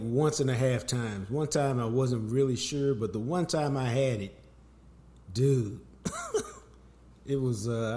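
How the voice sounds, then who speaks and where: A man, hosting a casual sports podcast and telling stories with big swings in pitch and loudness. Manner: animated, storytelling, wide swings in pitch and loudness. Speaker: podcast host. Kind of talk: casual sports talk chat.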